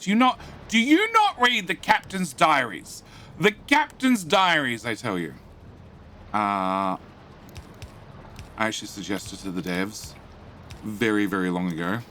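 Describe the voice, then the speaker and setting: A man's voice: mid-range voice, pushed and bright, slight background noise. A man streaming a building game live, muttering through his build and chatting with viewers. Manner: reads out and greets chat. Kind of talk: live gameplay commentary.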